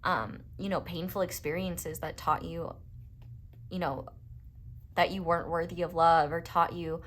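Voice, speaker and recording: Young woman, tarot reader, gentle reassuring talk, lowish voice, faint hiss behind. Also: steady tone, unhurried. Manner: gentle, reassuring, with frequent fillers. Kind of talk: casual spoken tarot reading.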